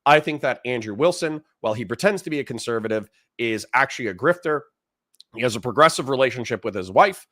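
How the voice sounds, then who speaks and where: A streamer reacting to a debate delivers casual live-stream commentary, chatting fast, laughing often and reading out chat messages. His voice is medium-pitched, expressive and fairly bright, captured in a dry, clean studio recording.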